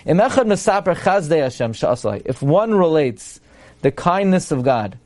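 A man's voice: a little high, big pitch swings, normal speed, a little mellow. Man teaching a Torah class. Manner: explanatory, reads Hebrew text then translates, frequent restarts. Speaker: rabbi teaching halacha.

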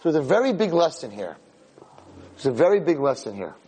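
Animated high-voiced man teaching in a reverberant hall. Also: brisk, slightly rough. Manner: animated storytelling with dramatic quotes. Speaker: Torah teacher. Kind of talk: Torah class lecture.

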